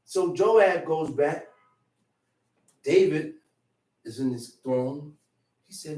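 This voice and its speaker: A woman's voice: low voice, animated, slow pace, pauses often, dark tone. A woman preaching a sermon with emphatic call-and-response delivery, repeating her lines for weight. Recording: echoey room from far off.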